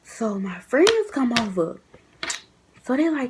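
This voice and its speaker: A young woman telling a story in a casual vlog, chatty and animated, acting out what people said. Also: mid-range voice, normal speed, noisy background. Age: young adult. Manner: chatty, animated, acts out quotes in shifting voices.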